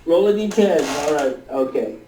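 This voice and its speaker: A man's voice: on the high side, lively intonation, moderate pace, dark tone, slight background noise. A man playing in a tabletop game, answering the game master with short, hesitant replies. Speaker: player. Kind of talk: casual tabletop game play. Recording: roomy room, mic far off.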